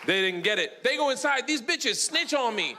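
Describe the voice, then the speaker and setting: A male stand-up comedian on a live stage, telling stories loudly and acting out other people's voices. His voice sits high and swings wildly in pitch. The room's ambience is clearly heard behind him. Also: normal speed, a crowd in the background, background noise. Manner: loud, animated storytelling with acted-out voices.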